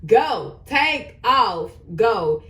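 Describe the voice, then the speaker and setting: A woman's voice: on the high side, sing-song, extremely slow, sharp tone. Woman, 30s, vlogger, emphatic casual advice, repeats for stress, echoey room. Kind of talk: casual advice chat while getting ready.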